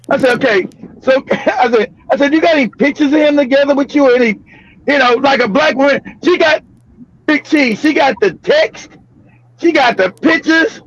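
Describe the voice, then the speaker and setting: An older man from California, hosting a live stream and telling a story loudly with profanity, laughter and bursts of shouting. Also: very high voice, expressive, normal speed. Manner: loud, profane, laughing, often breaks into shouting. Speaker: livestream show host. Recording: dull lo-fi stream audio.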